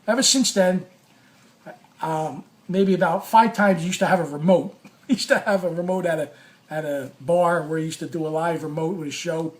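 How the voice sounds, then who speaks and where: A middle-aged man telling a personal story in an animated, blunt, profane way, full of restarts. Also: high voice, a little fast. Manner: blunt, profane, restless, acts out quoted lines. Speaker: storyteller recounting a past clash.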